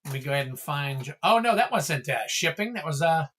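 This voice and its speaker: Upbeat guy opening card packs on a livestream, bright voice, chatty. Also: on the high side, expressive, fairly quick. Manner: upbeat, chatty, thanks viewers by name. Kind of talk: casual livestream chat.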